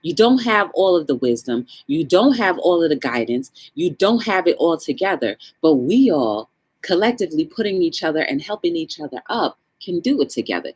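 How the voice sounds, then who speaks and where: A woman with a deep, husky voice hosts a livestream talk show at a moderate pace. She chats casually and animatedly, greeting viewers in the chat and encouraging them.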